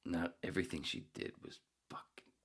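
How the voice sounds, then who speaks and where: A man's voice: sits low, fairly even intonation, normal speed, husky. A man hosting a podcast in a casual, profane, joking ramble, often dropping into muttered whispered asides, while in pain from a sore elbow. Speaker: podcast host.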